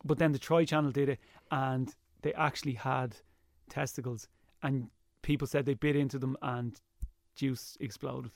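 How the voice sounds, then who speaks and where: A young Irish man chatting as an interview guest, telling lively stories and slipping into impressions. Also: mid-range voice, moderate pace, vocal fry, no room sound, studio quality. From Ireland. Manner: lively storyteller, slips into impressions. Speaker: guest, YouTuber. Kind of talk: casual interview chat.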